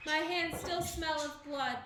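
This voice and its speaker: A woman's voice: high voice, steady tone, a little slow, reverberant, noisy background, voice pushed up. A woman voicing a haunted sleepwalking queen with a hollow, wailing voice, read aloud from a storybook.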